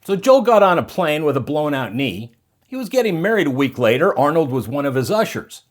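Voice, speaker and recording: Male narrator, lively pitch, scripted documentary, dramatic build-ups. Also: brisk.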